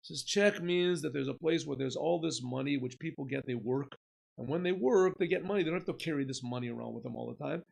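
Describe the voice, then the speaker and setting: A man's voice: a little high, fast, creaky, poor audio. A man, a rabbi, lecturing on Chassidus, telling a parable with acted-out dialogues. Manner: animated storyteller, acting out dialogues.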